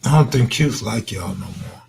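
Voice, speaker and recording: A man's voice: fairly low pitch, animated, moderate pace, gravelly, heavy background noise. A man chatting loosely on a late-night live stream, answering viewers in slangy, laid-back talk that trails into mumbles.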